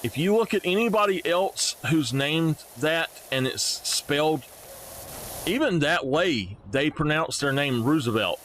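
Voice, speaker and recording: A man's voice: a little high, measured pace, a little hiss or hum. A young man, chatting casually and rambling animatedly to his live-stream viewers while playing a game. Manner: animated, rambling, frequently laughing.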